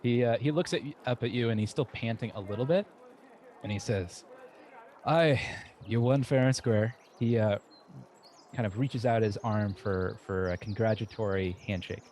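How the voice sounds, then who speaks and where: A man runs a tabletop game, narrating scenes and asking the players what they do. He pauses often and restarts his sentences. His voice is low, with faint noise behind it. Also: warm tone. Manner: halting, lots of "uh" and restarts while describing scenes. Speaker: game master.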